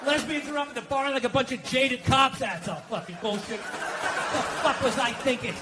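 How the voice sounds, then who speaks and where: Loud ranting man doing stand-up. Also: normal speed, background noise. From United States. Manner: loud, ranting, profane, swings between shouting and low muttering. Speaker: stand-up comedian. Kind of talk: stand-up comedy set.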